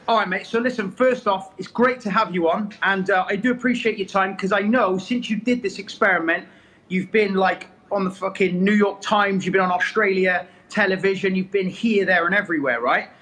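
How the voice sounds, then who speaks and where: A man's voice: high-pitched, fairly quick, a bit bright. A man with a West Country accent hosting a live stream as a fitness coach, chatting casually and often checking in with "okay?". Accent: West Country English. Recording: echoey room with faint noise.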